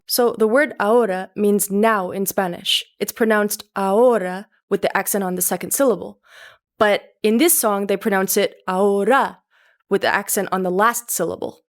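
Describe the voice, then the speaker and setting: Young woman roasting a song in a commentary vid, dry sarcastic delivery, laughs a lot, mid pitched. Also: steady tone, normal speed. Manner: wry, sarcastic, laughs often. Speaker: music commentary YouTuber. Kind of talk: video commentary.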